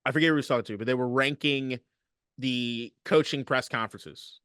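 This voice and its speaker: A man co-hosting a casual sports podcast, telling stories in a profane, animated way. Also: mid-range voice, fairly quick, clean tone, dry recording, clean studio sound. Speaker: podcast co-host.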